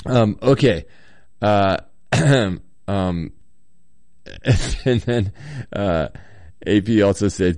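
A man with a deep, low voice chats casually through listener comments while sitting in a hotel room. He has a slight cold and talks in a halting, rambling way, full of ums and soft chuckles. The sound is dry and close, with no room echo. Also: expressive. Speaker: podcast host reading listener comments. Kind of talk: casual solo chat.

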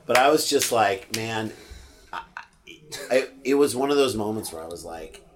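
A middle-aged man, a podcast guest, telling a personal story in casual chat, animated and swearing freely, acting out what people said. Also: on the low side, moderate pace, noisy background.

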